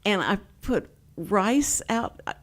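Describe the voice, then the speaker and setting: A woman's voice: medium pitch, animated, slow. A woman hosting a community radio talk show, telling rambling, playful stories in casual chat. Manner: chatty, rambling storyteller, playful.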